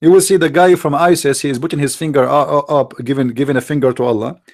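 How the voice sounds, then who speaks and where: A man hosting an online stream talks quickly in a higher, darkish voice with fairly even intonation. Taking on callers through his computer mic, he runs a scornful monologue, taunting opponents with sarcastic rhetorical questions.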